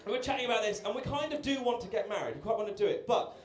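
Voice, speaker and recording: A man's voice: sits high, racing. A young British man doing a stand-up set, cheeky and chatty, bantering with the audience in a comedy club. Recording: roomy club with loud crowd.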